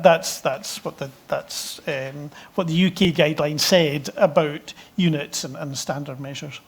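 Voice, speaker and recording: A middle-aged man from Scotland giving a conference presentation to an expert meeting, hesitant, with frequent fillers and restarts and a dry, measured delivery. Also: on the high side.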